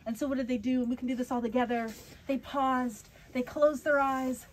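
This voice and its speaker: A woman, a picture-book author, reading aloud to children at a bookstore, playful and expressive and chatting with her audience. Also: high-pitched, fairly quick, slight background noise. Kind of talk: animated read-aloud for kids.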